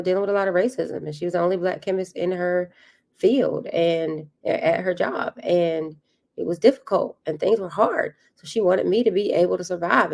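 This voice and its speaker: A woman's voice: lowish voice, creaky, a little mellow. A woman hosting her own podcast, speaking in an earnest, reflective monologue and repeating key phrases for emphasis. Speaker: podcast host.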